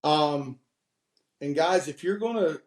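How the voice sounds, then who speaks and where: Animated man in his fifties, roomy sound. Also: on the high side, takes it slowly. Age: 50s. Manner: animated storyteller, laughs at his own stories, preachy advice. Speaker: podcast guest. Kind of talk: candid podcast conversation.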